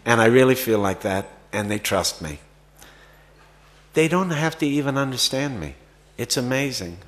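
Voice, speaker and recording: A man's voice: medium pitch, lively intonation, normal speed, a bit bright. A man answering audience questions about acting at a festival Q&A, rambling with many fillers and restarts. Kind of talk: festival Q&A conversation.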